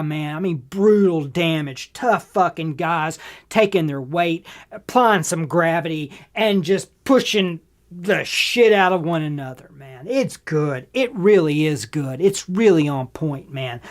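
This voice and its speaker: A woman's voice: low voice, unhurried. A woman hosting a podcast, giving a casual, profane film review, emphatic and repeating her lines for effect.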